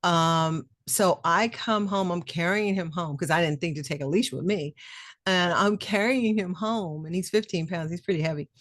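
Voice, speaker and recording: Woman, middle-aged, podcast co-host, low-ish voice, dry close sound, casual emotional storytelling. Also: normal speed, dry recording. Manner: animated, emotional storyteller who acts out quoted voices.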